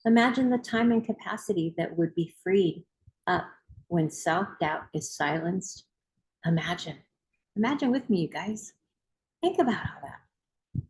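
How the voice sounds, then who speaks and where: A woman's voice: on the low side, a little mellow, poor audio. A woman hosting a book club, reading aloud and giving an emphatic, rousing motivational talk.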